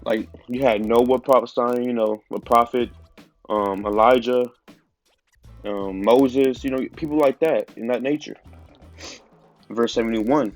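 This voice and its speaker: A man's voice: mid-range voice, moderate pace, no echo, soft background music. A man with a stuffy nose giving an informal religious teaching, talking casually with lots of fillers. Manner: casual, conversational preaching with many fillers. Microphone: phone.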